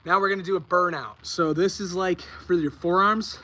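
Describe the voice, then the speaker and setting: A man's voice: high voice, fairly even intonation, normal speed, pushed and bright. A young man livestreaming his baseball workout outdoors, out of breath, talking in a laid-back, slangy way. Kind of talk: casual livestream workout talk. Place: outdoors on grass.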